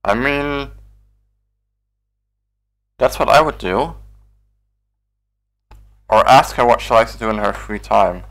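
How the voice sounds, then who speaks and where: A man's voice: medium pitch, takes it slowly, creaky, long pauses, a bit bright, faint music behind. Sarcastic man commenting on a game. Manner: exasperated, sarcastic, swearing. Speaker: game player. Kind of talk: gameplay commentary.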